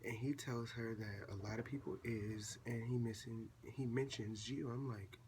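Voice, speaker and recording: A seventeen-year-old young man, a vlogger telling a casual storytime at home and acting out quoted dialogue in a chatty, animated way. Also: mid-range voice, normal speed, a little hiss or hum. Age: late teens.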